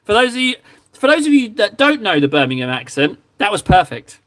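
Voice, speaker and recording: A man's voice: sits high, sing-song, a little fast, a bit bright, dry recording. An English man streaming and chatting casually with his viewers, self-deprecating and easygoing. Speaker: streamer chatting with viewers while painting miniatures. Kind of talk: casual chat.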